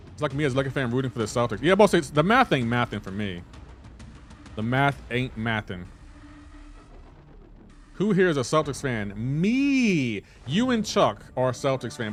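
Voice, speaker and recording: Male streamer, lively pitch, middle-range voice, casual banter, mock-indignant. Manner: playfully indignant, teasing his chat. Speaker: game streamer. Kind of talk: casual live-stream chat.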